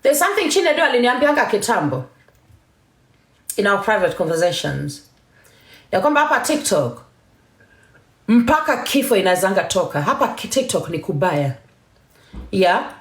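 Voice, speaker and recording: Defiant, lively woman ranting on a live stream. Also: medium pitch, normal speed, pauses often, roomy sound. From Kenya. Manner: switches between English and Swahili, emphatic and defiant. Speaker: TikTok live host. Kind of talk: heated live-stream rant.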